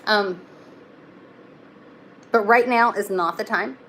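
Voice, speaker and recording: A woman's voice: mid-range voice, slow, a bit bright, slight background noise. A young woman giving a casual live tarot reading, talking in a chatty, reassuring way with lots of fillers. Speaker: tarot reader.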